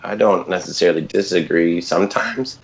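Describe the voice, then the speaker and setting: A man's voice: deep voice, fairly even intonation, brisk, gravelly, muffled recording, a little hiss or hum. A man in his thirties, a podcast guest, telling a personal story casually, rambling and often interrupting himself with fillers and asides.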